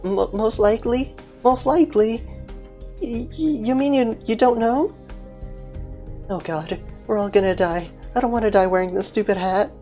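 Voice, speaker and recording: A woman's voice: a little high, normal speed, dark tone, highs cut off, faint music behind, pitched above the performer's own voice, lightly acted. A woman voicing a nervous, panicky game character who stammers frantically. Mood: panicked.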